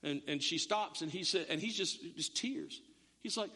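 A man preaches with a high, bright and forceful voice that swings widely in pitch. He talks conversationally and acts out back-and-forth dialogues. His voice rings with the long reverb of a church sanctuary. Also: animated, moderate pace, breathy edge. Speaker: pastor. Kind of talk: sermon.

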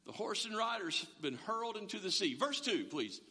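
Animated preacher in a reverberant hall. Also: male voice, high voice, normal speed. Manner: animated, conversational preaching with repeated restarts. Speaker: pastor. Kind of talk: sermon.

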